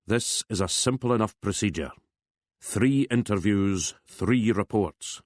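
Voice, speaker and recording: A hard-nosed police boss with a very low voice who is clipped and insistent and leans on every word, as a male narrator plays him. The sound is dry and close. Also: measured pace, no echo, close to an everyday voice. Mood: stern. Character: stern male police superintendent, demanding boss.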